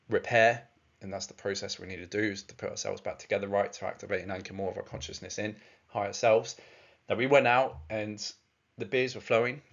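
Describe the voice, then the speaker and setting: In a fairly low voice on lo-fi audio, a man presents a long personal story. He tells it casually and ramblingly, full of fillers and restarts.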